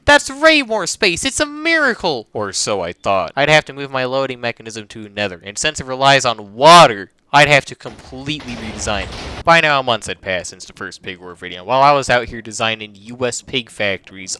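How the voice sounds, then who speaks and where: Young male gaming narrator; very bright, clean voice-over; boastful, jokey, occasionally fumbles explanations. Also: medium pitch, a little fast, clear, resonant tone. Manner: boastful, joking, stumbles while explaining. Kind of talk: scripted narration of a gameplay video.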